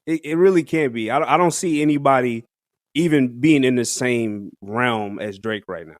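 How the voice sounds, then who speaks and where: A man's voice: medium pitch, normal speed, dry recording, clean studio sound. A man co-hosting a podcast, chatting casually about new music in slangy talk, breaking into laughter often and restarting his sentences. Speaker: podcast co-host. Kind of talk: casual music review chat.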